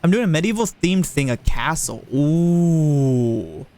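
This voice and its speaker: A man's voice: on the high side, expressive, takes it slowly, mellow. A man streaming a park-building game, casually thinking aloud and chatting with viewers in a playful way. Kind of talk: casual livestream chat while building.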